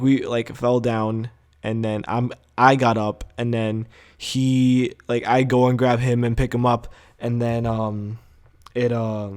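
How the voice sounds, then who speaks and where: A young man telling a story from school in a casual vlog, full of fillers and swearing. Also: medium pitch. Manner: rambling, profane, animated storytelling with many fillers. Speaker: vlogger.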